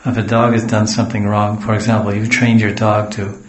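A man's voice: fairly low pitch, flat delivery, brisk, roomy sound, poor audio. A man from the West giving a storytelling sermon as a spiritual teacher, wandering into homely asides and acting out what people say. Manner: digressive, homely asides, acts out quotes.

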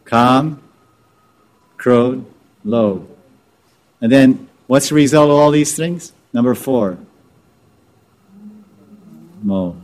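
A man's voice: medium pitch, extremely slow, pauses often, a little mellow. A man teaching scripture informally, repeating and restarting words as he explains terms. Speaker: spiritual teacher.

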